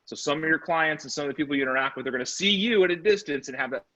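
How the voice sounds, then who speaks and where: Energetic man telling sales-training stories. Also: fairly high pitch, very fast. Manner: animated, energetic storytelling. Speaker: real estate sales trainer. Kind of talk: motivational training talk with anecdotes. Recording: slightly muffled recording.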